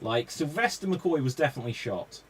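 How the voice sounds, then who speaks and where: A man hosting a live streamed improv show, brisk and jokey as he runs the games. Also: mid-range voice, expressive, a little hiss or hum.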